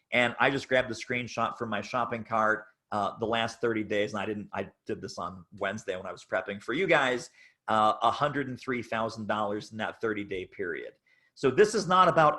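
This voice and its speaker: A man's voice: mid-range voice, animated, moderate pace, bright, forceful tone. A man giving a sales training talk at a chapter meeting, emphatic and fond of repeating phrases for effect.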